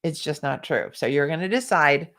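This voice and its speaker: A woman's voice: sits low, lively intonation, moderate pace, a bit bright. A woman leading a live online workshop, speaking encouragingly to participants and stopping now and then to cough and sip tea. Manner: encouraging, reads chat comments aloud. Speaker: workshop coach.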